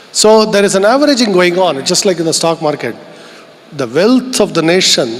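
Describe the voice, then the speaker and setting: A middle-aged Indian man giving a conference keynote speech, earnest and reflective, asking the audience rhetorical questions. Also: on the high side. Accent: Indian English. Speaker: keynote speaker. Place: large conference hall. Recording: long hall reverb.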